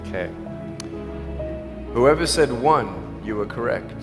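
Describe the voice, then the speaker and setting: Male motivational speaker, emphatic, hushed to shouting, live in a school hall with faint music behind. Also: mid-range voice, expressive, slow pace. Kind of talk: motivational speech to a live audience. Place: large school hall with an audience.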